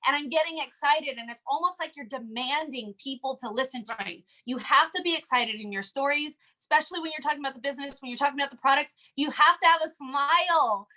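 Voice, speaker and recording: A woman's voice: sits high, fast talker, few pauses, pushed and bright, poor audio. A woman co-hosting a casual sales chat, upbeat and encouraging. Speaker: sales team co-host.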